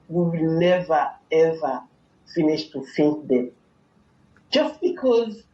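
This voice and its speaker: A woman's voice: fairly low pitch, dark tone, reverberant, muffled recording. A woman on a call speaking effusively and gratefully, often saying amen. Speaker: caller. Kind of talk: casual phone chat.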